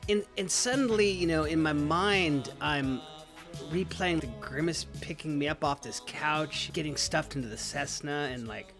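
A man's voice: on the high side, normal speed, music in the background. A man telling a long personal story in a casual, profane way, full of "like" and "you know". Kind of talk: first-person storytelling monologue.

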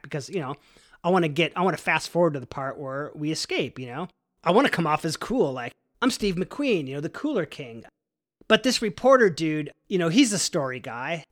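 A man's voice: fairly high pitch, fairly bright tone. A man telling a personal story in a casual, profane way, full of likes and you-knows.

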